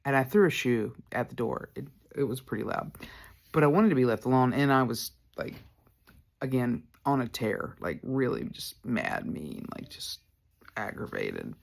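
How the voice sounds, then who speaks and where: A man hosts a podcast and candidly tells a personal story, rambling and leaning heavily on "like." His gravelly, medium-pitched voice is very animated and moves at a moderate pace.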